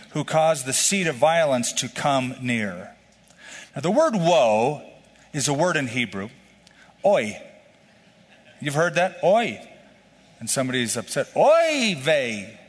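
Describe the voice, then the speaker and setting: A man's voice: on the high side, a bit bright. A male pastor teaching through a scripture passage in a conversational, explanatory way, with casual asides. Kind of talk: expository sermon. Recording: long reverb of a large hall.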